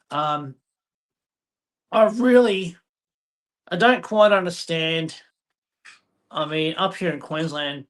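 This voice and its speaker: An Australian man who works as a fauna spotter, talking casually in a blunt, exasperated way. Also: a little high. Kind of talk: casual chat.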